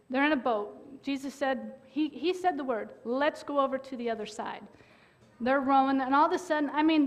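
A woman preaching a sermon, telling a Bible story in lively fashion, acting out the frightened disciples and dropping to a whisper at quiet moments. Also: sits high. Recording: long reverb of a large hall.

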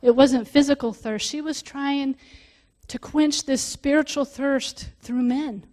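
A woman preaching a sermon, reading scripture aloud and stopping to explain it, growing louder on key points. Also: sits high, steady tone, takes it slowly. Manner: reads scripture aloud and breaks off to explain it, rising with emphasis.

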